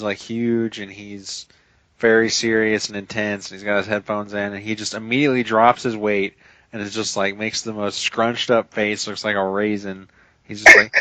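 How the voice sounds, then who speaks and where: A young man co-hosting a podcast, telling stories in a halting casual way and stumbling over restarts. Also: fairly low pitch, sharp tone. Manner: halting, trails off, stammers on restarts. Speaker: podcast co-host. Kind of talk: casual chat.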